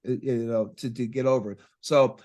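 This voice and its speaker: A man in casual conversation, telling stories with excitement and acting out his exchanges with patients. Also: medium pitch, a little fast. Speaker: chiropractic practice coach.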